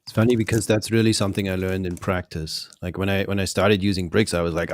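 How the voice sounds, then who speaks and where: Brief: low-voiced man, frank and casual, dry close recording. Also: steady tone, fast talker, hardly any pauses, no room sound. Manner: candid, loose, swears casually. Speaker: guest developer. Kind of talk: casual chat.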